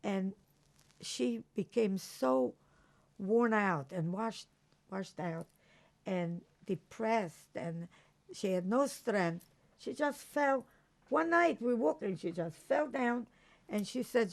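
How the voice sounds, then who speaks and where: Older lady from croatia telling her story, slow and halting, gravelly voice. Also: mid-range voice, lively intonation. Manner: slow, halting recollection with restarts. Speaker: interviewee. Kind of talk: oral history testimony.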